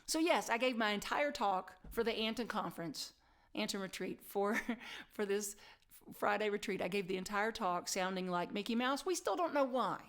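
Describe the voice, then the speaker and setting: Animated woman minister preaching. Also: medium pitch, moderate pace. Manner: animated storytelling, laughing at herself; drops to soft, near-whispered emphasis. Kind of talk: sermon.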